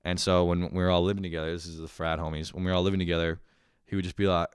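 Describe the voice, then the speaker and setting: A young man with a deep, low voice riffs in a loose, profane comedy monologue, wandering from story to story with self-mocking asides. His voice sounds clean and clear, recorded close in a dry room. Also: level tone, racing, no echo. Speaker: comedian, podcast host.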